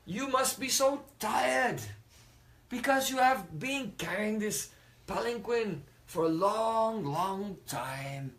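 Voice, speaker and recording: A man's voice: sits high, lively intonation, slow, fairly bright tone, pitched above the performer's own voice, heavily acted. A man voicing an irritable, proud king who gives sarcastic orders. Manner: sarcastic, commanding.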